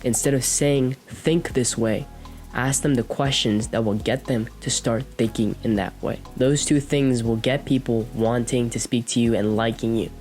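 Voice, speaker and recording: A man's voice: mid-range voice, fairly even intonation, moderate pace, a little mellow, faint music behind. A young man hosting a self-improvement video, giving direct spoken advice on how to talk to people. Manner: direct, coaching tone with demonstrations of speech. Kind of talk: instructional talk to camera.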